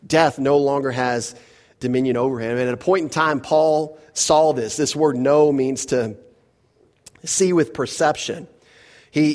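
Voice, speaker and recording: A pastor preaching an expository sermon to his congregation, emphatic and full of rhetorical questions, often dropping to a softer voice. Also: fairly high pitch. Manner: emphatic, rhetorical questions, drops to soft asides.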